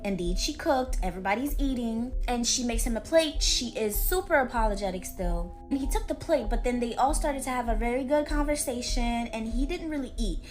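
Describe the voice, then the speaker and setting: A woman's voice: a little high, lively intonation, a little fast, few pauses, soft background music. Chatty woman telling a spooky story. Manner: chatty, dramatic build-up. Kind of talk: casual storytime narration.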